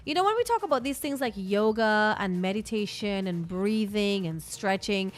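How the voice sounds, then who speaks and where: A woman's voice: medium pitch, animated, normal speed. A chatty, bubbly woman co-hosting a casual morning radio show, laughing often. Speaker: radio co-host.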